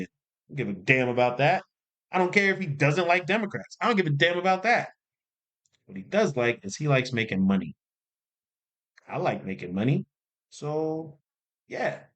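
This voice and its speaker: A man talking casually to camera as a commentary host, animated and repeating points for emphasis. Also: fairly high pitch. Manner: animated, repeats himself for emphasis, jokey asides. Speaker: commentary YouTuber.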